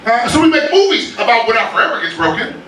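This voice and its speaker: Man, pastor, lively joking sermon, high and bright voice, echoey church from a distance. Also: quick pace. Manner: lively, joking, with laughter from the congregation. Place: church sanctuary.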